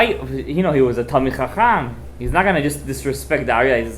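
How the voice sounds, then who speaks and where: A man who is a rabbi, telling a Torah story at a festive meal, animated and acting out the voices, sprinkling Hebrew and Yiddish words into casual English. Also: mid-range voice, a little fast, slight background noise. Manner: animated, acts out the quoted voices. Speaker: rabbi giving a Torah talk.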